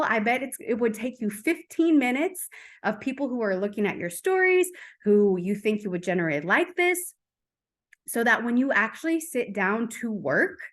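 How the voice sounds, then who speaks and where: Chatty fast-talking woman coach. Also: a little high. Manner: fast, chatty, lots of fillers. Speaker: team coach. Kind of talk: casual coaching talk.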